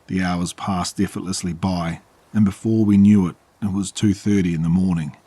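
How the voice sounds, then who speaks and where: A man narrating a horror story in a calm, measured way. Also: deep voice, husky, no room sound.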